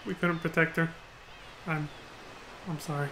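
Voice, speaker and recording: A man's voice: a little high, level tone, unhurried, a bit bright, slight background noise, rough recording. Man reading a terse young mercenary. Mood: regretful.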